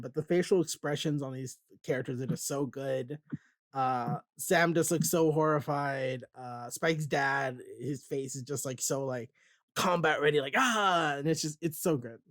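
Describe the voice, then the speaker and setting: Animated man retelling a comic, higher voice. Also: normal speed, no echo, studio quality. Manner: animated retelling, acts out lines from the page. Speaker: podcast host. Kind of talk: casual comic book discussion.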